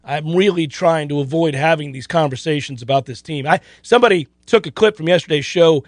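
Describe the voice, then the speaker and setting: Animated high-voiced radio host, man. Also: a little fast, no room sound. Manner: animated, self-deprecating storyteller. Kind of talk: casual sports radio chat. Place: radio studio.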